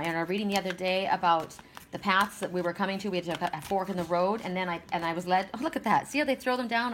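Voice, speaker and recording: A woman's voice: mid-range voice, a bit bright, a little hiss or hum. A middle-aged woman doing an oracle card reading, talking in a rambling, chatty, gushing way. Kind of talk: casual card reading monologue.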